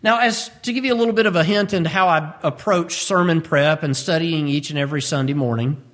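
A man's voice: on the high side, brisk, fairly bright tone. A man, preaching a verse-by-verse sermon, earnest and emphatic with humorous asides. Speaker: pastor.

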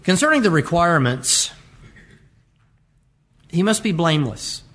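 A man preaches in a fairly high voice. He talks to the congregation in a conversational way and keeps posing rhetorical questions for them to answer. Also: very animated, unhurried, a bit bright. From rural upbringing with a catfish pond. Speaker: pastor. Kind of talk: sermon.

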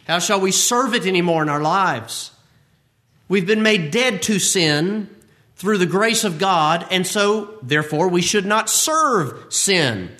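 A man's voice: sits high, sharp tone. A man preaching a sermon, emphatic and repeating phrases for effect.

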